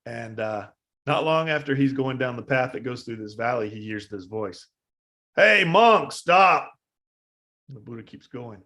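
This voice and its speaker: A man giving a dharma talk at a live meditation service, telling a story in a casual, halting way with many fillers. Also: medium pitch, steady tone, fairly bright tone. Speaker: meditation teacher.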